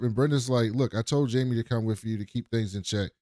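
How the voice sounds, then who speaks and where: A man's voice: mid-range voice, brisk, few pauses, darkish tone, dry recording, studio quality. A man co-hosting a podcast, casually recapping plot and voicing characters' lines. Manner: storytelling, retells scenes with quoted lines. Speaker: podcast co-host.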